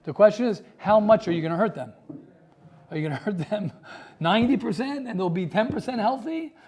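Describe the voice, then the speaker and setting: A man's voice: sits high, darkish tone. A man giving a sermon as a rabbi to a live class, impassioned and talking in repeated phrases and restarts.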